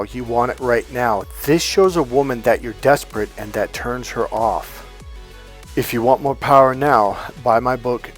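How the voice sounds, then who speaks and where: Man, 50s, dating coach, blunt, swears freely, acts out dialogue, mid-pitched voice, soft music behind. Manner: animated, acts out quoted dialogue. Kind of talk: direct-to-camera coaching monologue.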